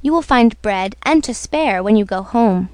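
A woman's voice: medium pitch, animated, moderate pace, darkish tone, dry recording, natural voice. A woman voicing a small, obliging male golden fish in a storybook reading, with an offhand manner. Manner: offhand, easygoing.

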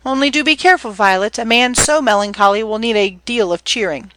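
A woman voicing a young man in a storybook, an earnest older brother who teases his sister in easy slang. He sits fairly high in pitch, with a dry, close sound. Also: fairly quick, a bit bright, dry recording, close to an everyday voice, low-quality recording.

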